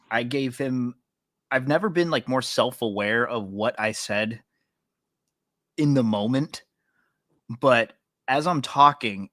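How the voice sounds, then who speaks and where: A man's voice: mid-range voice, fairly bright tone, dry recording, clean studio sound. A man co-hosting a podcast in casual, teasing chat, laughing often. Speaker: podcast co-host.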